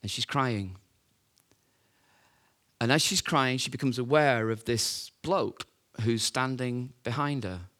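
A man's voice: mid-range voice, unhurried, few pauses, a bit bright. A man preaching a sermon, telling the story in a conversational way with rhetorical questions and fillers.

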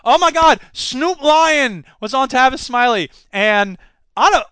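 Brief: high, bright male podcast host, jokey and rambling, dry close mic. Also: expressive, measured pace, smooth, dry recording. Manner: jokey, rambling, slips into silly voices. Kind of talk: comedic news commentary.

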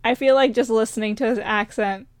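An American woman co-hosts a casual podcast, her fairly high voice full of teasing banter and easy laughter. The sound is dry and close to the mic, and she has a mild Maryland accent. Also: fairly even intonation, a little fast, dry recording. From Maryland, USA. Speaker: podcast co-host. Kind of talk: casual chat.

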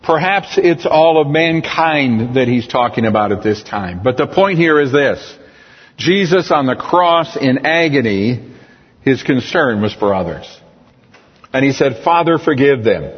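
Man, middle-aged, pastor, earnest sermon delivery, husky tone, dull echoey recording. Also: mid-range voice, lively intonation. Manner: earnest, slows down on key words. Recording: distant echoey church hall, dull sound.

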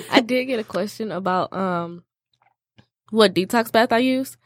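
A young woman hosting a podcast with a Michigan accent, chatting casually and reading out a case in a relaxed way. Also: mid-range voice, a little slow, dry recording, studio quality. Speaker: podcast host and case narrator.

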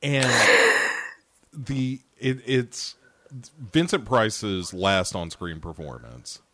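A man's voice: fairly low pitch, drawn-out words, a bit bright. A man hosting a podcast, chatting casually about films in a rambling, self-deprecating way. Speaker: podcast host.

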